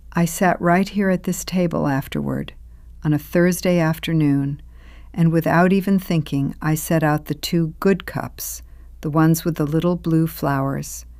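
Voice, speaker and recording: An older woman telling her own story in scripted first-person narration, slow and reflective, sometimes sinking to a near whisper. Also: low-pitched, gravelly, a little mellow, no echo.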